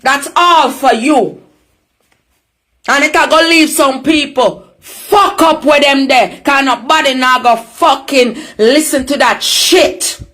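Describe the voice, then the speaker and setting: A woman with a Jamaican accent in an angry social media rant, cursing and shouting insults. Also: high-pitched, slow. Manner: furious, profane, shouting insults.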